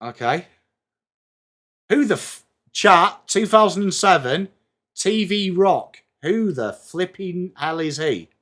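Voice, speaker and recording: A man's voice: high voice, animated, slow pace, fairly bright tone. A young English man hosting a live sports watchalong, chatting to his viewers in a self-mocking way and reading trivia aloud. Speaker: livestream host.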